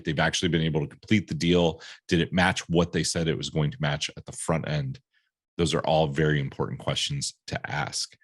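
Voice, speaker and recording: A man with a very deep voice hosts a podcast, speaking in a relaxed, conversational way. He asks his guest open questions and adds his own thoughts. The recording is dry and close. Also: dry recording. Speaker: podcast host. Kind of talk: conversational interview.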